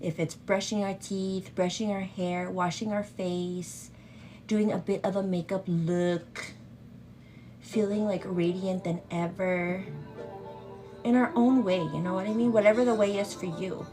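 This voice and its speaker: A woman's voice: mid-range voice, steady tone, a little slow, dark tone, soft background music. A woman hosting a casual get-ready-with-me makeup show, chatting affectionately and greeting viewers in a sing-song way.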